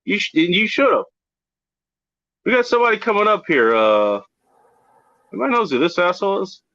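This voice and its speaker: Animated, bright-voiced man hosting a stream. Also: high-pitched, a little fast. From Pacific Northwest of the US. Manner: profane, rambling, animated. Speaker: livestream host. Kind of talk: casual livestream chat. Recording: dull lo-fi stream audio.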